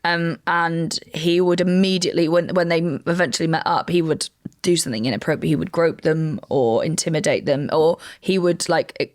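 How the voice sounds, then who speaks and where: A woman's voice: low-pitched, a little fast, darkish tone. A woman comedian co-hosting a podcast, recounting a true crime story step by step with wry asides. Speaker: comedian co-host.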